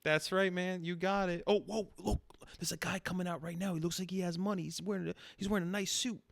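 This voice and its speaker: A man's voice: high voice, steady tone, fast, vocal fry, no echo, clean studio sound, pitched above the performer's own voice. A man voicing a streetwise adult male panhandler who talks in bossy street slang, coaching a newcomer.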